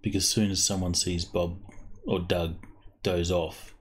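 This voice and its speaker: Deep husky man reasoning. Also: little pitch movement, measured pace. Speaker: tabletop game player.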